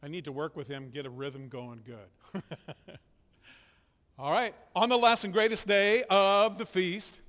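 A middle-aged man preaching as a pastor, leading his congregation in loud spoken confessions and scripture, with relaxed, chatty asides. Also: high voice, measured pace, pauses often. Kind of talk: sermon. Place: church sanctuary. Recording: echoey hall with long reverb.

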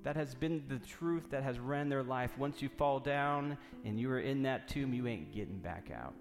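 A man's voice: mid-range voice, normal speed, big-room sound, faint music behind. A man reading scripture and preaching a sermon, building to fervent repeated questions. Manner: reads scripture then preaches with rising fervor, repeating lines.

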